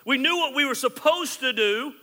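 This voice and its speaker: Pastor, male, high sharp voice; candid and jokey, loud then hushed, hall reverb. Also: expressive, moderate pace. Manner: candid, joking, swings between loud and hushed. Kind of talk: sermon.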